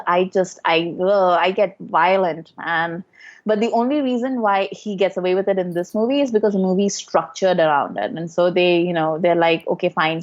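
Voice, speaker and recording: Blunt woman on a dull lo-fi recording. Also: mid-range voice. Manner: blunt and opinionated. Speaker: podcast co-host. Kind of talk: casual film discussion.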